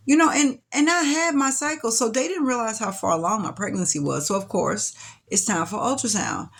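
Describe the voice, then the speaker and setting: A young adult woman telling her own life story in an interview, chatty and loose, rising much higher when she quotes her younger self. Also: a little fast, gravelly, fairly bright tone. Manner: loose, chatty, many fillers and restarts. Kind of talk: personal storytelling.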